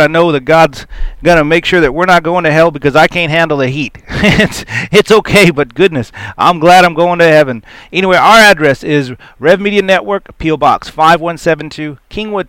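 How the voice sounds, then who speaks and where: A man hosting a Christian radio talk show, upbeat and quick to laugh. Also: a little high, fairly bright tone, clean tone, no room sound. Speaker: radio host.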